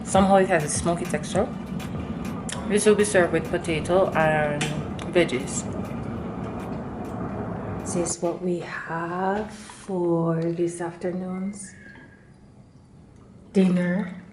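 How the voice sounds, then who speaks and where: Slow-talking woman vlogger over music. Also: on the low side, background noise. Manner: chatty and relaxed, describing her day. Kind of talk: casual diary vlog narration. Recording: loud background music under voice.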